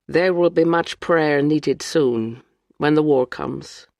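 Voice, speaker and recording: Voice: medium pitch, lively intonation, takes it slowly, gravelly, no echo, studio quality, full character voice. A reader giving voice to a grave Russian woman traveller. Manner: grave, matter-of-fact.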